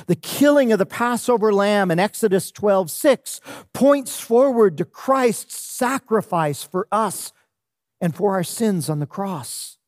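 A pastor preaching a sermon in church, speaking deliberately and letting the pitch fall low at the ends of phrases. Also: dry recording, clean studio sound.

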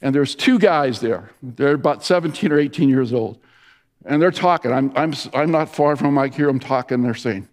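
The long reverb of a large hall fills this sermon by a middle-aged male pastor speaking at medium pitch and normal speed. He tells stories, frequently restarting and using fillers.

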